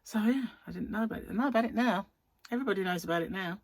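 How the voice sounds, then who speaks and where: A woman's voice: medium pitch, racing, slight background noise. A woman, a crochet channel host chatting through a rambling, giggly anecdote. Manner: chatty, giggly, self-interrupting storyteller. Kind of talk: casual chat, rambling anecdote.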